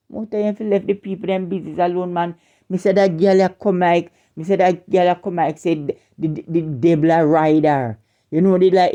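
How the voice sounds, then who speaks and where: Woman, Jamaican accent, indignant scolding rant, repetitive stumbling delivery, mellow tone, muffled lo-fi recording. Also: deep voice. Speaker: online commentator.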